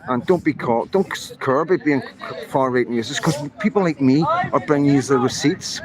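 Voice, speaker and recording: A man speaks into a phone as he walks outdoors at night. His talk is heated and rambling, full of fillers and swearing, at an average pitch. A crowd can be clearly heard around him. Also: sing-song, moderate pace, low-quality recording. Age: 50s. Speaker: livestreamer. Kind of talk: live street vlog. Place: city street at night, outdoors. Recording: outdoor street crowd noise.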